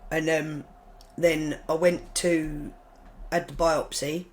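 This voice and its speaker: A woman's voice: deep voice, level tone, slow pace, a little hiss or hum, rough recording. A woman talks as a podcast guest, telling her story casually and frankly. She rambles and backtracks often and corrects herself, with blunt humour and the odd swear word.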